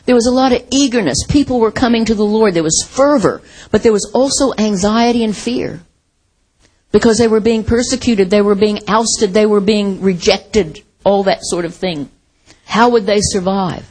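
A middle-aged woman from the American Midwest preaches a sermon in a chatty, animated style, laughing often and acting out the quotes she uses. Her voice is husky and medium in pitch, her pace moderate, and the recording quality is poor.

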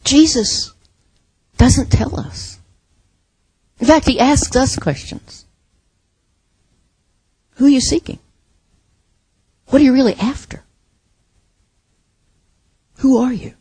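Gravelly-voiced woman preaching. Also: sits high, slow pace, pauses often, darkish tone, no echo. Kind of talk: sermon.

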